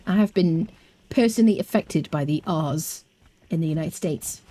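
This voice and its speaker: An English woman streaming a game, chatting casually and playfully with her viewers and often dropping into quiet asides. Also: deep voice, normal speed. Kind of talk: casual live-stream chat while gaming.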